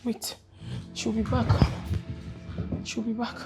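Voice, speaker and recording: A woman's voice: fairly high pitch, little pitch movement, slow, over loud music. An actress playing a protective mother who questions insistently. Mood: longing. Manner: demanding, insistent. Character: anxious mother, middle-aged, protective.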